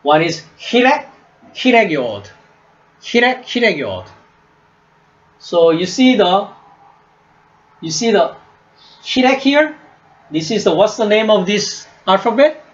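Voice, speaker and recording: A man teaching a class, speaking slowly, repeating each word and checking "right?" with his students. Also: high voice, very animated, dull audio. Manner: slow, repeats words and asks "right?" often. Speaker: Hebrew teacher. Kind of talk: classroom lesson.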